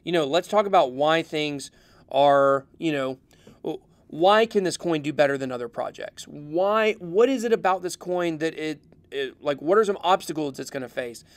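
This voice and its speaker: Smooth-voiced man rambling through livestream comments. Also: on the high side, moderate pace, no room sound. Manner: rambling, many fillers, chuckles. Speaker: crypto livestream host. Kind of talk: casual livestream chat reading comments.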